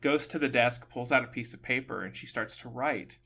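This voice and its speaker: A man co-hosting a podcast, casually retelling a film with lots of "like" and animated asides. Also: mid-range voice, normal speed, a little hiss or hum. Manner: animated retelling, acting out characters' lines; heavy use of "like" as filler. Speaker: podcast co-host.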